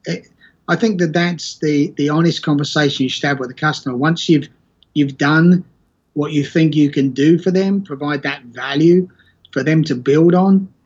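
A man with a husky, slightly raised voice talks in a loose, conversational way, often restarting his sentences as he explains his view. The recording sounds muffled and lo-fi. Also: a little high, normal speed. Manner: rambling, self-correcting storyteller. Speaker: podcast guest. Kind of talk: casual conversation.

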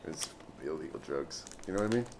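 A man's voice: very deep voice, animated, fast talker, background noise. A man in his thirties co-hosting a podcast, trading dry wisecracks in casual banter. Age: 30s. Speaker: podcast co-host.

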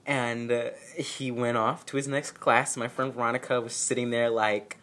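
At home with a dog nearby, a speaker tells a personal story in a casual vlog, sarcastic and self-mocking, acting out quotes in exaggerated voices. The mid-range, slightly bright voice stays level at normal speed with hardly any pauses.

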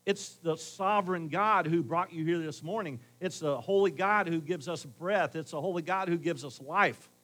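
A middle-aged man preaching a sermon as pastor in a conversational way, swinging between loud emphasis and hushed asides. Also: fairly high pitch, moderate pace, hardly any pauses, rough recording.

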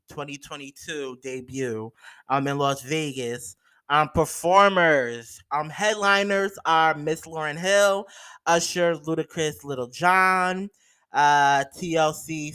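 Male podcast host, bright and crisp, slow and gossipy. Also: a little high. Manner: animated and gossipy, with slangy asides and many fillers. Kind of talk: casual solo podcast chat.

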